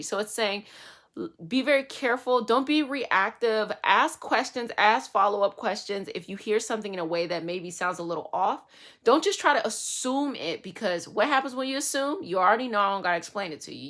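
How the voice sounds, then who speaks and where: A woman giving a casual daily tarot reading, chatty and lively with slangy asides. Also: medium pitch. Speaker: tarot reader. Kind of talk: casual spiritual reading to camera.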